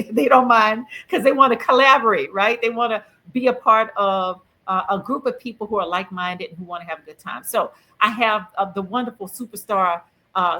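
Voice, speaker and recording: A middle-aged woman hosting a podcast over a video call, animated and playful, laughing often and talking in a colloquial way. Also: mid-range voice, poor audio. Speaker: podcast host. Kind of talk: lively conversational podcast hosting.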